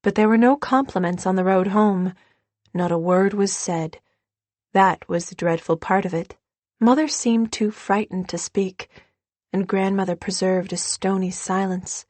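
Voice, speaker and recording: A woman reads an audiobook in steady, even narration. Her voice sits in a middle pitch. The sound is dry and close. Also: measured pace, no room sound. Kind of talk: scripted narration.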